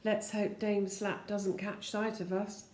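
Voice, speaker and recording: A fretful, chatty little storybook creature, as an older woman reading aloud puts him on, fussing over where they have landed. Her own middle-pitched voice barely changes for him. The room around her is echoey. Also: little pitch movement, takes it slowly, a little mellow, close to an everyday voice. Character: worried cheerful male storybook creature.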